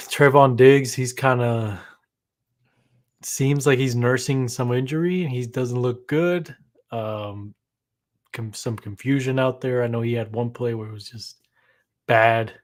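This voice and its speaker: Mid-pitched male co-host, subdued and hesitant. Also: fairly even intonation, takes it slowly, pauses often. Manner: subdued, glum, hesitant with many ums. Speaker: podcast co-host. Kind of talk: casual sports chat.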